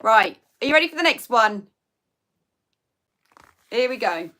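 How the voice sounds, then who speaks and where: A woman's voice: on the high side, lively intonation, unhurried, pushed and bright. A woman, hosting a casual live quiz chat and reading out viewer comments with frequent laughter. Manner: chatty, giggly, reads out viewer comments. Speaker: livestream host.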